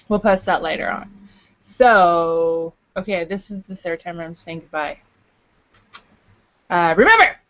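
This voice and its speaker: A woman's voice: fairly low pitch, fairly bright tone, muffled recording. A woman from Canada chatting casually to camera in a video blog, rambling with fillers and playful asides. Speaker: vlogger. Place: at home in Los Angeles.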